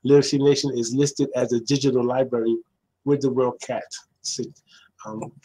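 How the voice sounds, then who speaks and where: A middle-aged man, a librarian guest, telling stories in a lively conversational way and acting out the voices of people he quotes. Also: moderate pace, slight background noise, rough recording. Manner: acts out quoted voices, jumping much higher. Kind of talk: animated storytelling in conversation.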